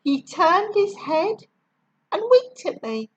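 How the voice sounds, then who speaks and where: A woman reading rhyming storybook poems aloud, slow and expressive. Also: very high-pitched, dull audio.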